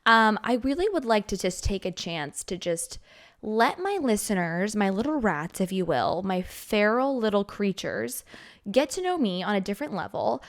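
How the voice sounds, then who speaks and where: A woman in her twenties hosting a casual podcast chat, playful and giggly, talking in quick bursts. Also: medium pitch, big pitch swings. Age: 20s. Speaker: podcast host.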